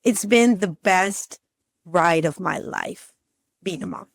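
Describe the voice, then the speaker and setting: A woman in her fifties, a relationship coach talking as a podcast guest, telling a personal story in a lively, chatty way and calling the listener "girlfriend". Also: fairly low pitch, slow, no room sound, clean studio sound. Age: 50s. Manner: lively storyteller who acts out scenes and calls the listener "girlfriend". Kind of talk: casual interview storytelling.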